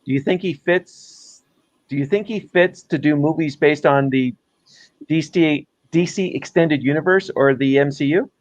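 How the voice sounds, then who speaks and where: A man co-hosting a casual chat, reading out viewer questions briskly. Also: fairly high pitch, no echo. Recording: dull lo-fi audio.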